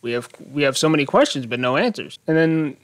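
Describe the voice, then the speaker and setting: A man hosting his own channel, casually recapping a TV episode in a rambling, animated way, thinking aloud. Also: fairly high pitch, brisk, no room sound. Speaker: YouTube show host.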